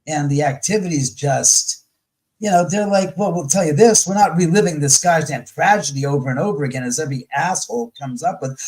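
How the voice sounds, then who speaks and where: Blunt, animated man on a call. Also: on the high side, normal speed, low-quality recording. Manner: blunt, profane and animated, acting out quoted voices. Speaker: guest. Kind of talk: casual chat.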